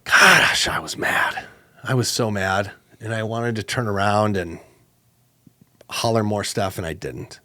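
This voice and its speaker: A man co-hosting a podcast, telling a personal story in a casual, animated way with lots of fillers. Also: unhurried, no room sound. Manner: animated, acts out quoted exchanges with jumps in pitch; conversational, with many fillers and restarts. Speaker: podcast co-host.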